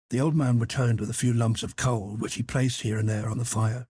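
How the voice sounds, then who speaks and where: Husky male audiobook narrator. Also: mid-range voice, steady tone, brisk, few pauses, dark tone, dry recording. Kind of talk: scripted literary narration.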